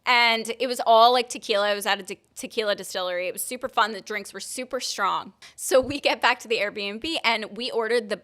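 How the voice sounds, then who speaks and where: A woman's voice: on the high side, a little fast, few pauses, a bit bright. A young woman from Long Island co-hosting a podcast, telling a story in a bubbly voice with frequent laughs. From Long Island, New York. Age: young adult. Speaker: podcast co-host. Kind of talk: casual chat.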